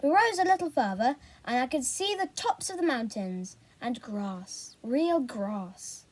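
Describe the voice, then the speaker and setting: A woman reads a children's novel aloud with expressive, animated delivery. Her voice is high, and her pitch rises and falls a lot. She reads in a steady storytelling style. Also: a little slow. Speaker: reader.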